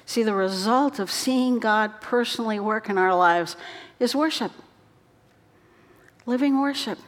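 A woman's voice: on the high side, measured pace. Earnest woman preaching in a reverberant hall. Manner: earnest, dropping to soft whispered quotes. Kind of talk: sermon.

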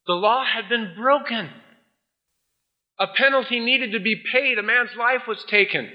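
A man's voice: extremely high pitch, unhurried. A man preaching a sermon as a pastor, telling a story with energy and acting out the voices of a judge and a defendant. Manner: animated storytelling, acting out both sides of a courtroom scene. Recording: dull lo-fi sound.

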